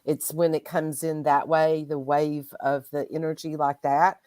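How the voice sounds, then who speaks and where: A woman hosting a casual spiritual chat, speaking in a gentle, reflective and heartfelt way. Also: low-pitched, little pitch movement, unhurried, no echo. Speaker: host.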